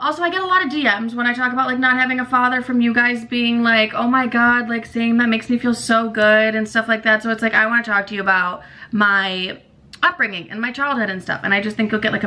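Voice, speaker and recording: A woman's voice: on the high side, bright, forceful tone, poor audio. A young woman in her twenties hosting her own podcast, chatting casually and animatedly, full of "like" fillers and swearing. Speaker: podcast host. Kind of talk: casual confessional chat.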